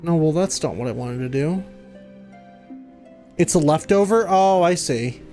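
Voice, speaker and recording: A game streamer chatting casually over their play, laughing often and reading lines aloud. The voice is mellow and soft-toned. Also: mid-range voice, lively intonation, a little slow, soft background music. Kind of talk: casual let's-play commentary.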